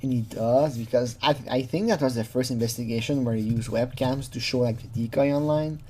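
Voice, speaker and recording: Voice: mid-range voice, a little fast, warm tone. A casual true crime commentator who talks freely, laughs often, swears, and mimics the people being quoted.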